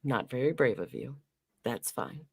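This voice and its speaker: A woman's voice: a bass voice, very animated, moderate pace, vocal fry, slightly rough, no room sound, clean studio sound. A woman hosting a casual livestream, greeting chat viewers by name and laughing often. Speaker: livestream host. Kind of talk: casual live-stream chat.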